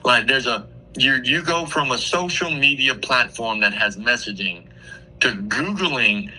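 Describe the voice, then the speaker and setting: A man tells a story on a radio show with a very bright, forceful, sharp-edged voice. He is crude and swears freely, and he delivers the tale with loose, animated energy. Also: mid-range voice, unhurried, slightly rough, low-quality recording. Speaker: comedian guest. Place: radio studio.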